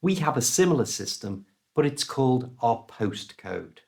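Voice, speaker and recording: A British man telling a story as an English lesson, slow and deliberate, his voice rising and falling a lot. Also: medium pitch, vocal fry. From United Kingdom. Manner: slow, deliberate delivery with lively ups and downs. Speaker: English teacher.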